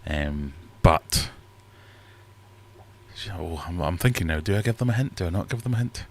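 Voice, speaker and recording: A man's voice: sits low, expressive, normal speed. A man hosting a casual livestream from his fish room, rambling and self-deprecating as he reads chat aloud. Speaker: livestream host.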